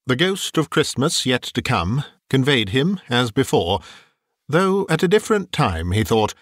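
A man narrating an audiobook in a calm, measured storytelling voice. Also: medium pitch, no room sound, clean studio sound.

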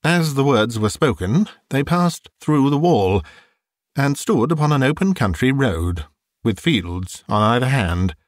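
A man narrating a classic novel as an audiobook, in expressive, measured storytelling. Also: mid-range voice, dry recording, clean studio sound.

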